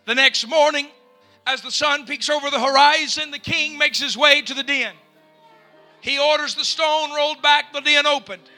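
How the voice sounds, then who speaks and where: A male pastor preaching a fervent sermon in a church, rising to shouts at the peaks. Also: extremely high pitch. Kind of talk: pentecostal-style sermon. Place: church sanctuary.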